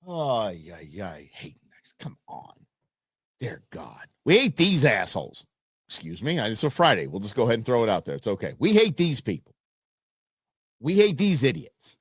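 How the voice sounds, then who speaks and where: A man's voice: high-pitched, fairly bright tone, no room sound, studio quality. A man hosting a commentary show, reacting to a news clip with sarcastic, heated remarks that swing between mocking outbursts and muttered asides. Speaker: host.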